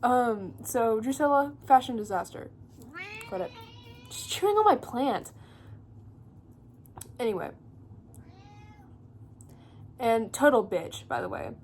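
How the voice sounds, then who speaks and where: A woman's voice: fairly high pitch, huge pitch swings, slow pace, long pauses, a little mellow, a little hiss or hum. A young woman at home giving a rambling, profane, casual book recap full of fillers and laughter. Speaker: booktuber.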